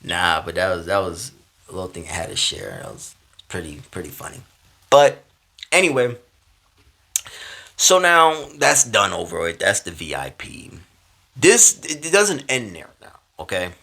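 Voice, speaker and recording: Animated storytelling man, bright edgy voice. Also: sits low, normal speed, creaky, long pauses. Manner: animated, slangy, swings between hushed asides and loud bursts. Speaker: vlogger telling a story. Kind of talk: casual storytime.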